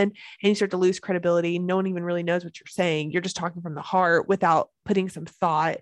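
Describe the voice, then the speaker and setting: A woman's voice: lowish voice, fairly even intonation, moderate pace, no echo. A woman hosting a solo podcast as a business coach, talking with energy and emphasis and repeating key phrases.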